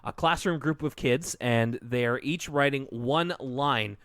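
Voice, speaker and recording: A man's voice: medium pitch, takes it slowly, a bit bright, smooth, dry recording. Chatty man with a dry close sound. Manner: chatty, laughs often, jokey. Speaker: podcast co-host. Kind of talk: casual chat.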